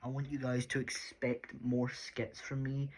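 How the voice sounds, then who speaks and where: A Scottish YouTuber talks casually to his viewers in a mid-range voice, his delivery completely flat at a measured pace. The vlog talk is rambling, chatty and full of fillers, with a little hiss or hum in the audio.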